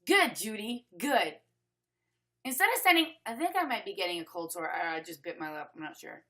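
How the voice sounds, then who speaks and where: A woman's voice: medium pitch, big pitch swings, moderate pace, sharp tone. A Canadian woman hosting a casual online sales training over webcam, chatty and upbeat, reading names from the chat as she talks.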